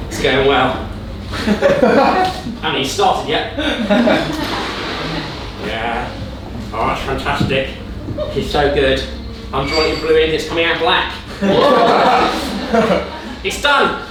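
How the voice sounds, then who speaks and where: A young man performs a faltering, deadpan in-character stand-up set, breaking into sudden squeaky voices. His slightly high voice sounds distant, caught in a very echoey student comedy room. Steady crowd noise sits behind him. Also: takes it slowly, pauses often. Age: young adult. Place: student comedy club stage with audience. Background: audience laughter and room ambience.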